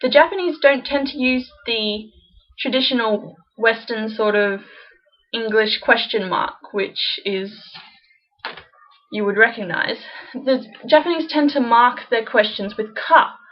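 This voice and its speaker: Woman, higher voice, casual teacher who repeats examples slowly; dull lo-fi home recording. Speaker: language teacher. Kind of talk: casual beginner lesson.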